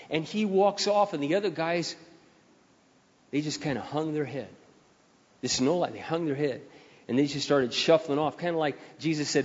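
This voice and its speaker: A man's voice: fairly high pitch, a little fast. Male preacher, dramatic storyteller, dull sound from a big reverberant church. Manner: dramatic, shifts between passionate and quiet. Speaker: pastor. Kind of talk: sermon with storytelling.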